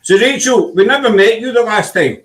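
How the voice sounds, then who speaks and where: A man's voice: high voice, lively intonation, brisk, fairly bright tone, low-quality recording. A man hosting a casual live-stream chat, laid-back and rambling with lots of fillers. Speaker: host.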